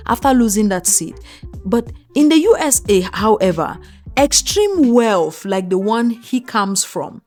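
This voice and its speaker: Mocking woman with lively pitch. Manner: mocking, rhetorical questions, laughs at her subject. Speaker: commentator. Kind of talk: opinionated commentary monologue.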